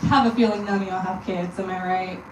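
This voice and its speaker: A young woman from Texas doing a stand-up comedy set in a deadpan, self-deprecating way. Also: on the low side, brisk, crowd noise. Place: comedy venue with audience. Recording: roomy live sound from a distant mic.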